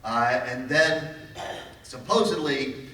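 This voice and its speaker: A man giving a public history lecture as a lively storyteller with wry humor. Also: medium pitch, slow pace. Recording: echoey hall from far off.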